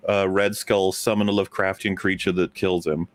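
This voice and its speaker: A man, a podcast panelist, talking in an animated, incredulous way during a casual group chat. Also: low-pitched, moderate pace, noisy background.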